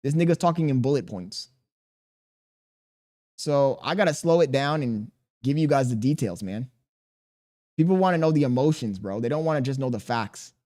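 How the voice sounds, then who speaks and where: A young man chatting casually on his livestream, reading chat aloud and talking slowly on purpose, with plenty of swearing. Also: mid-range voice, lively intonation, a little mellow. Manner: laid-back, deliberately slow storytelling, swearing, reading chat aloud. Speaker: streamer.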